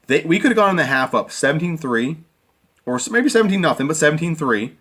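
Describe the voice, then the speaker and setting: A man's voice: a little high, expressive, fast, a bit bright, slightly rough. A man reviewing a football game in an emotional, exasperated rant, often repeating himself. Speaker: sports fan commentator.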